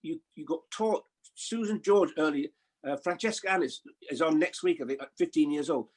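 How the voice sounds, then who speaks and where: A man in his seventies chatting as a guest, telling lively stories with chuckles and impressions. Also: on the high side, normal speed. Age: 70s. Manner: lively storyteller, chuckling, mimics voices. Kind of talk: anecdotal chat.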